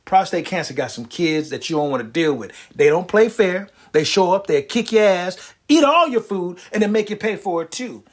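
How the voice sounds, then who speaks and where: A man delivering a wisecracking, animated stand-up comedy monologue. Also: high voice, moderate pace, few pauses. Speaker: comedian and prostate cancer survivor.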